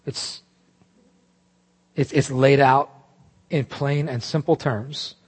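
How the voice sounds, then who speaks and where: A man preaching a sermon, animated and emphatic, breaking off into asides and restarts. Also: mid-range voice, takes it slowly, breathy edge, in a large hall. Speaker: pastor.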